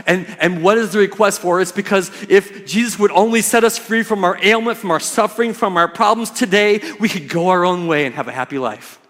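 A man preaching a sermon as pastor, emphatic and swinging from hushed words to loud ones. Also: sits high, fairly quick, few pauses. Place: church. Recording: church hall reverb.

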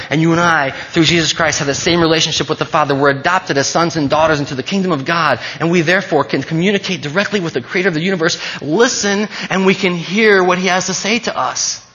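A man's voice: a little high, fairly bright tone, dull audio. A man preaching a sermon as pastor, earnest and emphatic, often repeating key phrases.

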